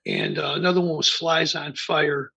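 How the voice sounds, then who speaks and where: A man's voice: fairly high pitch, fairly even intonation, normal speed, vocal fry, pushed and bright. A man in his sixties from the American Midwest, a band founder telling rambling stories as an interview guest, full of fillers and restarts. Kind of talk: casual interview storytelling. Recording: dull lo-fi remote interview audio.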